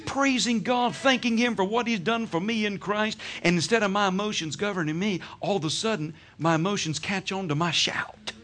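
A man preaching a sermon, telling stories with bursts of laughter and shouting. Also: high voice. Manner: animated storytelling, laughing and shouting. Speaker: pastor.

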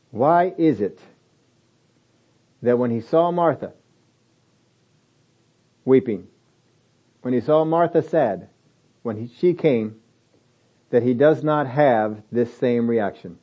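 A man's voice: medium pitch, a little slow, long pauses. Preaching man, dull lo-fi recording. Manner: animated preaching, acts out quoted reactions. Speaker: pastor. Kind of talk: sermon.

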